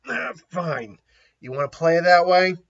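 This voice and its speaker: A man's voice: fairly high pitch, a little slow, fairly bright tone. A man voicing a brash young male ninja with a cocky, playful delivery in a dull lo-fi recording.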